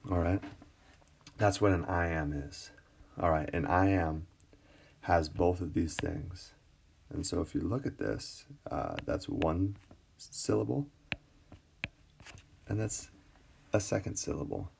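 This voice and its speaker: Deep, slow-talking male teacher. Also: gravelly, a little hiss or hum. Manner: relaxed, many fillers and restarts. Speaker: English teacher. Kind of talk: screencast lecture on poetry. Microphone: tablet recording.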